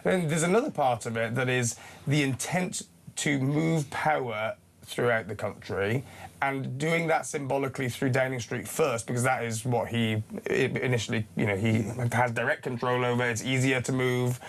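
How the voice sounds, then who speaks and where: A man with a Welsh accent, a native Welsh speaker, talking in a measured, explanatory way as a studio panel guest. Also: medium pitch, creaky.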